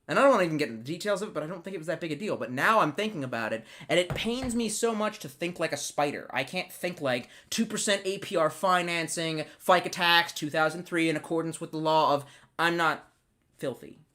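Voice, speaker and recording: Swearing streamer guy rambling at his computer, bright voice, a bit high, keeps restarting sentences. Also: expressive, fast. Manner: rambling, profane, self-interrupting. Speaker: livestream host. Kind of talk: casual livestream chat, reading comments.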